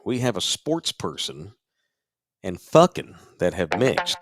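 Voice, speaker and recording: A man's voice: fairly low pitch, sing-song, slow pace, no echo, studio quality. A man hosting a podcast, making crude jokes in a casual chat. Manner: profane, joking, wisecracking. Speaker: podcast host.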